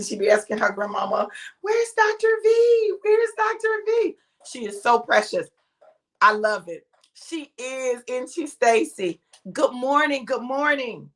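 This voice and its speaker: A woman's voice: medium pitch, normal speed, fairly bright tone. A woman in her fifties hosting a casual morning livestream for her viewers. She is chatty, playful and encouraging, and she laughs often. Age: 50s.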